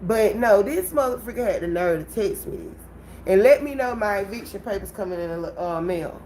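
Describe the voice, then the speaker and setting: Animated woman venting on a livestream. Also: medium pitch, brisk, a little hiss or hum, rough recording. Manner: animated storytelling, talks to viewers directly. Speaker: livestream host.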